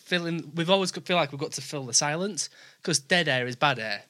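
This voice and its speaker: A man with a Yorkshire accent, a presenter in easygoing, quick chat. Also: a little high, bright, forceful tone. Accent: Yorkshire English. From Yorkshire, England. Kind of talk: casual chat.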